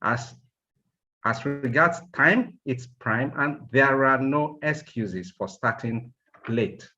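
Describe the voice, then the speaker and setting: A man's voice: medium pitch, slow pace, bright, forceful tone, highs cut off. A man firmly evaluating a speaking club meeting, insisting there are no excuses for lateness. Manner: firm, admonishing.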